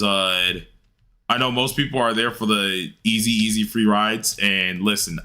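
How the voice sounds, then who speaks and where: This is casual livestream chatter from a man playing a game, laid-back and slangy, with plenty of laughter. His medium-pitched voice comes across as pushed and bright.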